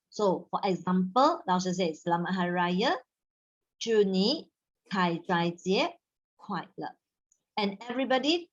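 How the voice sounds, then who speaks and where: Woman teaching over dull audio. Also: mid-range voice. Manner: instructive, mixes in Malay words, models tones slowly. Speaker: Mandarin teacher. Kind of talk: online class teaching.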